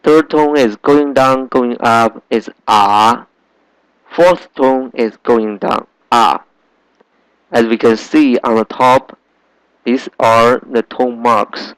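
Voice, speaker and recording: A man gives a slow, careful language lesson. He speaks at an unhurried pace and patiently repeats each sound for his learners. His voice sits in a middle pitch and is recorded dry and close. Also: fairly even intonation, smooth, no room sound, poor audio. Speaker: Chinese language teacher.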